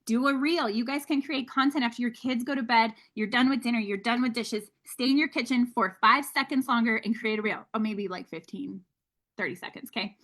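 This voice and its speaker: Upbeat high-voiced woman coaching her team. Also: fairly quick. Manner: energetic, candid, addresses listeners as guys. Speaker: sales team leader. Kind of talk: motivational team training talk.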